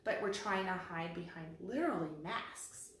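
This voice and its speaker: A woman in her forties co-hosting a casual talk, telling stories in an animated way and repeating her phrases. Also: fairly low pitch, normal speed. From Texas. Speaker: podcast co-host. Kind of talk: casual chat. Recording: very echoey room.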